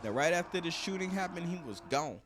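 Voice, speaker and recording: A man's voice: sits high, expressive, fairly quick, over a noisy crowd. A young man telling a crime story in a casual, slangy, joking way.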